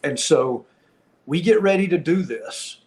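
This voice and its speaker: Man with a slightly high voice telling a story. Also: measured pace. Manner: animated, acts out the dialogue of the people in his story. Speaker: podcast host and former wrestler. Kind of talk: casual storytelling chat.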